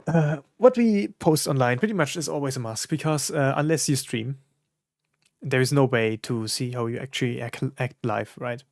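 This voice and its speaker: A man streaming, reacting to songs in casual, reflective talk with many pauses and fillers. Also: mid-range voice, gravelly, no room sound, studio quality. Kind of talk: casual live-stream commentary.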